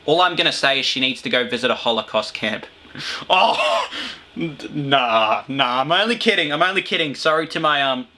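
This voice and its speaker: A man's voice: medium pitch, sharp tone. An Australian man from Victoria hosting a comedic review and ranting in a crude, profane, sarcastic way, laughing at his own jokes. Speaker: video reviewer.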